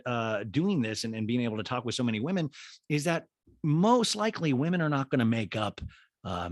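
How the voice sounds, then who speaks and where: A man hosting a podcast, recapping a reality show in an animated, jokey way with asides. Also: lowish voice, dry recording, clean studio sound. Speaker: podcast host. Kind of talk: comic TV recap.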